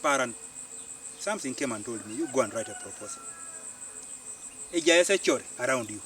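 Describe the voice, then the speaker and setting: A Ugandan man, a farmer and community organiser, telling his story in an animated way and repeating phrases for emphasis, recorded outdoors. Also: medium pitch, fairly quick. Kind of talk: storytelling interview. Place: outdoors on a farm. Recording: distant mic outdoors, faint insects.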